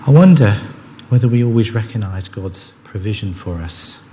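A man with a fairly low, expressive, mellow voice delivers a sermon at a moderate pace, earnest and conversational, often restarting sentences. It was recorded in a church with a hall's long reverb, faint ambience, and a little hiss or hum.

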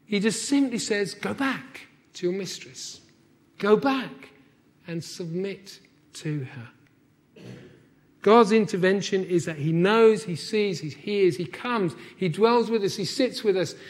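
High-voiced male preacher, hushed to emphatic. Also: lively intonation, measured pace. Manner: swings from hushed to emphatic, repetitive. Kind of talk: sermon.

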